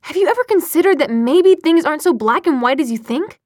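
A woman's voice: on the high side, moderate pace, no room sound. Cocky teasing young guy, audiobook, woman reading him, dry close sound. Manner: smooth, lightly mocking.

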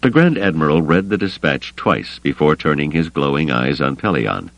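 A man reads a novel aloud in scripted audiobook narration. His voice is very deep yet rises and falls expressively, recorded close and dry with no room sound. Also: normal speed, vocal fry, hardly any pauses, no room sound, dull audio. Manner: expressive storytelling.

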